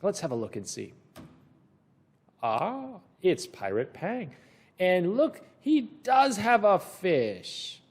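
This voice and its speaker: A man's voice: high voice, wildly swooping pitch, slow pace, breathy edge. A male teacher leading a children's reading lesson, reading a storybook aloud and asking encouraging questions.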